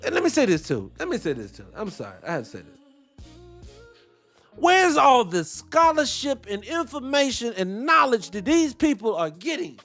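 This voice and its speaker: A man hosting a show, reacting to a debate clip with animated, profane commentary and rhetorical questions. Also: very high-pitched, normal speed, soft background music. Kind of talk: heated commentary.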